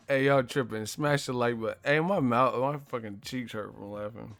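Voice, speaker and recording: A man with a creaky, mid-range, fairly bright voice hosts a relaxed live stream about boxing. He narrates stories animatedly using lots of slang and cursing, laughs a lot, and acts out movie quotes.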